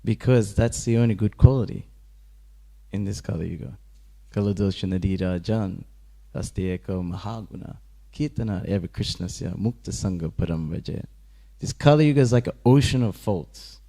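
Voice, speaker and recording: Low-voiced man telling a devotional story. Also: moderate pace, vocal fry. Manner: relaxed, chuckling, acts out characters' lines with raised pitch. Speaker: temple class speaker. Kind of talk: casual devotional class storytelling. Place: temple room.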